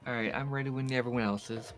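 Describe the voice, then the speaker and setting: Chill guy gaming w friends, middle pitched voice, game music clearly in the back. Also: steady tone, fast talker. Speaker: co-player. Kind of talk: casual gaming chat.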